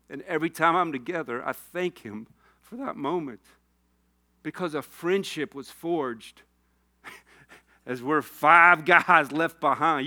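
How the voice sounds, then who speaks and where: A man's voice: fairly high pitch, bright, forceful tone. A man preaching a sermon, telling a personal story and rising to passionate appeals. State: tearful.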